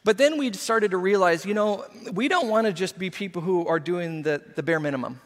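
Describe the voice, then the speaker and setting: A male pastor preaching a sermon in an animated, emphatic way with conversational asides. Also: high-pitched, a little fast, in a large hall.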